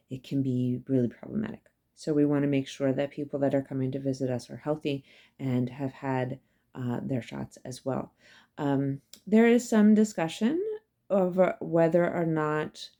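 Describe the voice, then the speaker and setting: Female professor with a low voice, conversational lecture, emphatic with lots of fillers. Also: dark tone. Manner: chatty and emphatic, many fillers and asides. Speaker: psychology professor. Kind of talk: casual recorded lecture.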